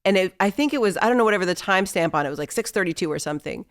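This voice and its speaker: A woman's voice: medium pitch, lively intonation, racing. A woman hosting a casual interview, affectionate and encouraging toward her guest, speaking in long reflective thoughts. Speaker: host.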